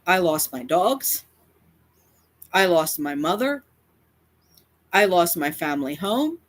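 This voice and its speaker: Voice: mid-range voice, very animated, slow, a bit bright. A YouTuber speaking straight to camera in a confrontational rant, defiant and emphatic, often repeating lines for effect. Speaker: cat advocacy YouTuber.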